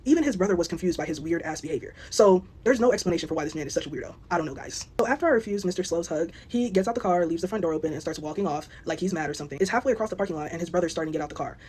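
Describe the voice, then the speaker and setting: A young woman telling a storytime vlog, animated and indignant. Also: lowish voice, rapid-fire, few pauses, slightly rough. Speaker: vlogger. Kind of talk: storytime monologue.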